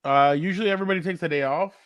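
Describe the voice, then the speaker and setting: A man's voice: fairly high pitch, racing, fairly bright tone, dry recording, studio quality. A man co-hosting a sports podcast in casual chat, rambling with lots of fillers and acted-out quotes. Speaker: podcast co-host.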